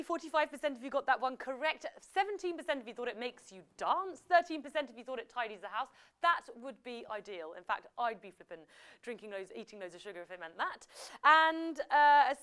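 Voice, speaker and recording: A woman's voice: high-pitched, fairly bright tone, smooth. A British woman hosting a live quiz show, chatty and full of jokey asides between the questions. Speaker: quiz host.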